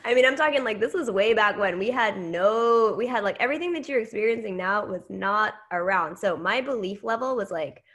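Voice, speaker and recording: A woman in her thirties giving a casual training talk, telling a story with lively quoted dialogue. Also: medium pitch, brisk, hardly any pauses. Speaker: network marketing trainer.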